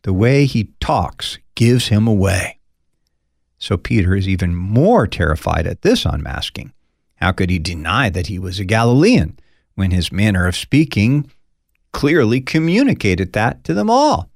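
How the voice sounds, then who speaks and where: A pastor teaching through a Bible passage in a conversational, expressive way, acting out the quoted lines with folksy asides. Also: male voice, lowish voice, normal speed, gravelly, no room sound, clean studio sound.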